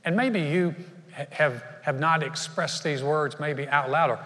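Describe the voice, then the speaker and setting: A male pastor preaches a sermon in the long reverb of a large church hall, his voice on the high side, pushed and bright, at a measured pace. He's earnest and conversational, putting questions straight to his congregation.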